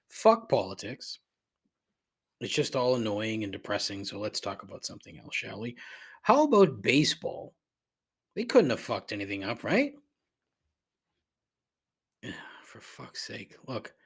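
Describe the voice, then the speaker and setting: A man's voice: on the low side, a bit bright, breathy edge. A man hosting a solo podcast, grumbling and sarcastic, swearing freely as he rambles. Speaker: podcast host.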